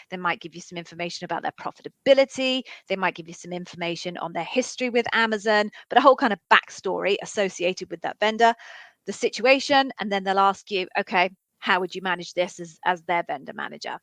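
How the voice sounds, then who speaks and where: A woman's voice: mid-range voice, a bit bright. A woman with a mid-range voice gives interview coaching advice on a live session. She talks frankly and plainly, and her dry, close sound carries no room echo. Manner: frank, explanatory, conversational.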